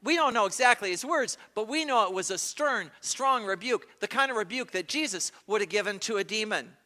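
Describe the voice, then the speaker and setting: A man's voice: sits high, lively intonation, brisk, pushed and bright. A man preaching a sermon as pastor, telling the story dramatically and acting out the quotes himself. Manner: dramatic retelling with acted quotes. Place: large church hall. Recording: reverberant hall.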